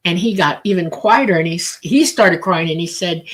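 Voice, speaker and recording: A woman's voice: lowish voice, quick pace, few pauses, breathy edge. A woman psychic medium telling a long story in casual talk, with many fillers and acted-out dialogue. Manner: rambling, filler-heavy, acts out quoted dialogue.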